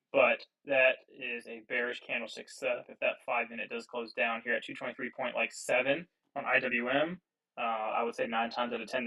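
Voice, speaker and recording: A man's voice: medium pitch, gravelly, bright, forceful tone, breathy edge. A man hosting a live trading stream, talking casually and loosely with fillers and swearing, picked up on wireless earbuds. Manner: loose, profane, thinking aloud with fillers. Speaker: livestream trading host. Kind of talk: casual live market commentary. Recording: distant, thin earbud mic.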